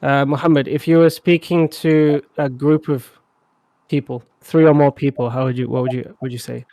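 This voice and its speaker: A man's voice: mid-range voice, fairly even intonation, normal speed, dark tone. A man teaching a casual live language class, chatty and often checking that students follow. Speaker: Arabic teacher.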